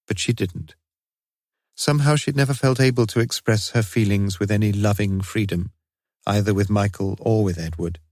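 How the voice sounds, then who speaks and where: Male audiobook narrator, low voice, steady unhurried reading, dry close recording. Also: no room sound. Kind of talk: scripted narration.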